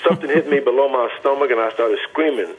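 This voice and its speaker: An older man from Texas, telling his personal testimony as a guest in an earnest, deliberate, emphatic way over a phone line. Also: medium pitch, husky.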